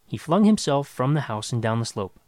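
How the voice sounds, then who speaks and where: A man reading a science fiction story aloud with dramatic, expressive narration. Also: mid-range voice, fairly quick, no echo.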